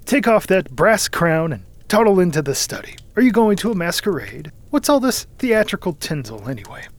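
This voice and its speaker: Brash young cavalry officer, hearty and teasing, raised pitch, read by a male narrator. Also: big pitch swings, normal speed. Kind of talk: audiobook character reading.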